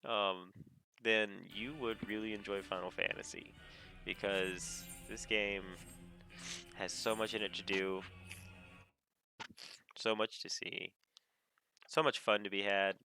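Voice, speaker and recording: A man giving a casual, rambling rant about video games on a desk mic, animated and often laughing. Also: on the low side, takes it slowly, long pauses. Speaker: gamer vlogger. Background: faint game music.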